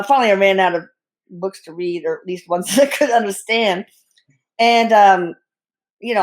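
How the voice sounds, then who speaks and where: A middle-aged woman speaking as a guest in an interview, telling her story with candid, animated delivery and blunt humor. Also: medium pitch. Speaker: guest, bereaved mother and physician.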